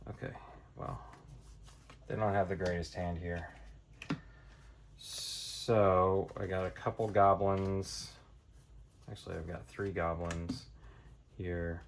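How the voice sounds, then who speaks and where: Male board game presenter, low voice, relaxed think-aloud playthrough delivery. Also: slow pace, vocal fry, pauses often, slight background noise. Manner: thinking aloud, counting cards out loud. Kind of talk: casual tabletop playthrough tutorial.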